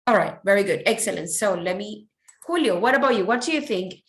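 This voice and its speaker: Casting: woman teacher, encouraging and quick with praise, mid-range voice, runs an online class. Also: mid-range voice, lively intonation. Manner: encouraging, praises often, switches to Spanish. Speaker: English teacher.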